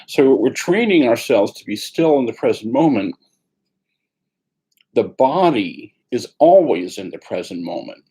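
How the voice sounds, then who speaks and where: Calm, husky-voiced man teaching meditation. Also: medium pitch, low-quality recording. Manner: calm, unhurried, with pauses. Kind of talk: guided meditation talk.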